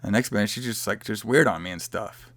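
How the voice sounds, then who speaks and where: A man's voice: fairly low pitch, quick pace, a bit bright, voice pushed down, lightly acted. A man voicing a touchy rich husband, defensive and whiny about his wife.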